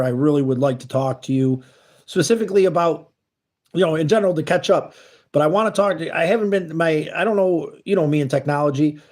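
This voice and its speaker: A man's voice: fairly high pitch, darkish tone. Earnest rambling man hosting a livestream. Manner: rambling and earnest, reads chat messages aloud. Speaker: livestream host. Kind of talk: casual live-stream chat.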